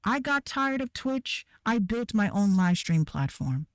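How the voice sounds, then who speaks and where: A woman's voice: mid-range voice, sing-song, measured pace, dry recording, clean studio sound. A woman ranting bluntly and heatedly to her viewers, swearing a lot and repeating herself for emphasis. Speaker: online creator ranting to viewers. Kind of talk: profane rant to camera.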